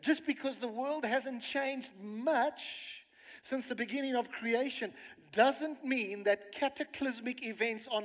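A man, a pastor preaching a sermon and reading scripture with emphasis. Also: extremely high pitch. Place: church hall. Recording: long hall reverb.

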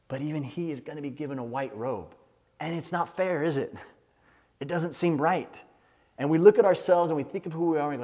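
A man's voice: mid-range voice, dark tone, in a large hall. A man preaching a sermon as a pastor, building his points in rhythmic lists and acting out imagined prayers.

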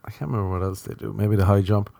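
An Irish man hosts a solo comedy podcast from his apartment, rambling through self-mocking jokes, tangents and jokey asides. His voice is fairly low and gravelly with a warm tone, delivered very fast in a level way, with no echo.

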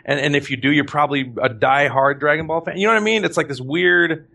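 Bright-voiced man rambling in casual chat. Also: a little high, fast talker, gravelly. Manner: rambling, restarts a lot, laughs easily. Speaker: voice actor, podcast host.

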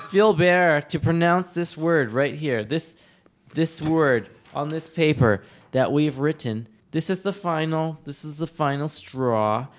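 A man's voice: a little high, slow. Teasing man co-hosting a podcast. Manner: teasing, quizzing the others. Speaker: podcast co-host. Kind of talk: casual banter.

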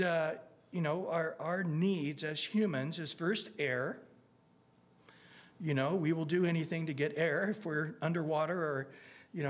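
A middle-aged male pastor delivering a conversational sermon in a fairly high voice. He talks in an earnest, folksy way, stumbling over restarts. He slips into acted-out prayers and asides.

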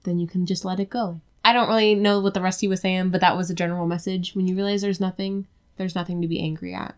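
A young adult woman co-hosting a podcast in casual chat, relaxed and musing, often trailing off softly. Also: lowish voice, quick pace, clean tone. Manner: relaxed, musing, trails off quietly, frequent mm-hmms. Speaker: podcast co-host.

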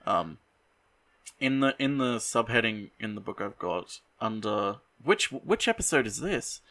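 Bright-toned man with dry asides. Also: lowish voice, sing-song, measured pace. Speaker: podcast co-host. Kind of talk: casual chat.

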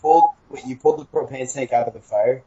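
A man co-hosting a podcast, cutting in with quick, incredulous remarks. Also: medium pitch, dark tone, slightly rough, dull audio. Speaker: podcast co-host. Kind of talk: casual chat.

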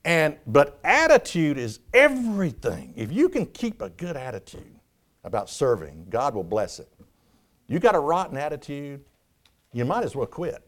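Male pastor, sermon delivery, expressive and lively, slightly higher voice. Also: moderate pace. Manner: animated preaching, acts out quotes, frequent restarts.

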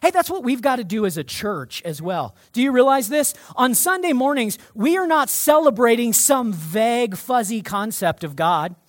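A male pastor delivering a sermon to his church in an emphatic, energetic way. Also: very high-pitched, normal speed, few pauses, no echo, studio quality.

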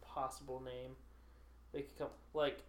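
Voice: mid-range voice, flat delivery, measured pace. Cohost throwing in wry comments and yeahs, echoey roomy podcast sound. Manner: brief agreeing interjections and wry jokes. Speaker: podcast co-host. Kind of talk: casual chat. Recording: roomy echo.

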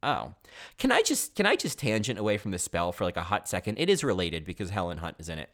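A rambling male podcast host talks through old movies, jumping off on tangents and cutting himself off mid-thought. His voice sits fairly low but swings widely in pitch as he gets excited. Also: quick pace. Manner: animated, rambling, tangents and self-interruptions. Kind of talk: casual film commentary.

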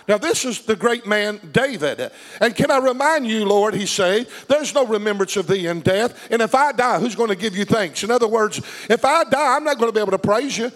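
A man's voice: sits high, animated, brisk, fairly bright tone. A man preaching a sermon, reading scripture and putting questions to his congregation.

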